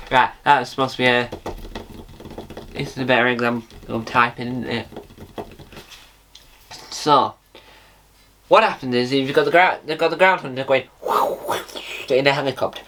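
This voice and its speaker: A man's voice: medium pitch, fairly even intonation, moderate pace, long pauses, noisy background. A man hosting a casual vlog about a reality show, rambling and jokey and often correcting himself mid-sentence. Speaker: reality TV video host.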